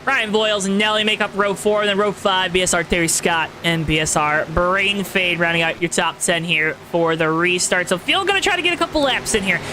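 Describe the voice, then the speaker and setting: In a put-on announcer style, a man narrates an online sim race play-by-play directly to his audience. He's high-pitched, a little fast, and barely pauses, with background noise behind him.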